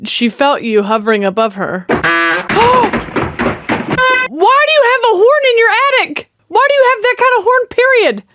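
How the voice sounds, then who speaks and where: A woman's voice: very high voice, big pitch swings, fairly quick, hardly any pauses, very noisy. A woman, chatting casually and talking back at a movie as she reacts to it. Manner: chatty, exclaiming, talks back to the screen. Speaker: reaction video host.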